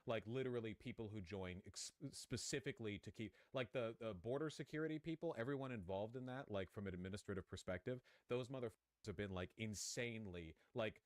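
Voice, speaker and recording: Man, low voice, rambling, profane, live-stream commentary, dry sound. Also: brisk, hardly any pauses, no room sound. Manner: rambling, profane, restarts often. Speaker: streamer host.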